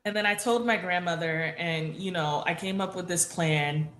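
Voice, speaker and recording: A young woman casually telling an engagement story as a guest, lively and acting out the voices of the people she quotes. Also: lowish voice, moderate pace, a little hiss or hum. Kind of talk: casual chat. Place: live stream studio. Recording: roomy echo.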